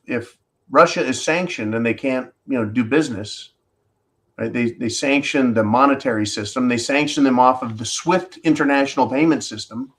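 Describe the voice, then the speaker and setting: A man's voice: medium pitch, fairly bright tone. A man hosting a live stream, ranting through rhetorical questions and calling his viewers folks. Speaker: host of a live political commentary stream. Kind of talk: live-stream commentary monologue.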